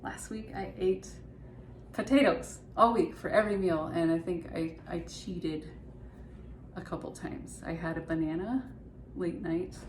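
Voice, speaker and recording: Woman food vlogger, low-ish voice, chatty home kitchen narration, noisy phone audio. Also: fairly even intonation, a little slow. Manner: chatty, rambling, matter-of-fact. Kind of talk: casual vlog narration. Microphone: phone held or propped nearby.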